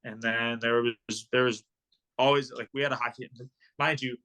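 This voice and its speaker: A man's voice: mid-range voice, fairly even intonation, moderate pace, sharp tone. A young man in his twenties, a professional hockey player, telling rambling stories in a casual podcast interview, full of ums and likes. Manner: rambling, filler-heavy storytelling.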